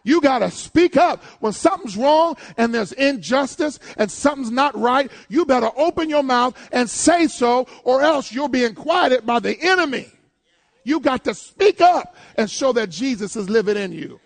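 A man preaching a sermon, calling out to his congregation and swinging between loud declarations and hushed asides. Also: very high-pitched, animated, moderate pace, creaky.

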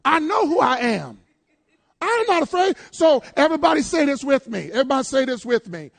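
High, gravelly-voiced preacher. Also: male voice, a little fast. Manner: animated, calls out to the congregation, swings between loud and hushed. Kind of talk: sermon.

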